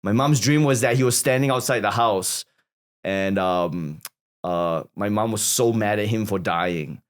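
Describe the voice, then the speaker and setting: A man with a very low voice, talking as a guest in a casual conversation. He tells a family story, jumps into quoted voices and restarts his sentences as he goes. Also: unhurried, clean tone. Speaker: guest comedian.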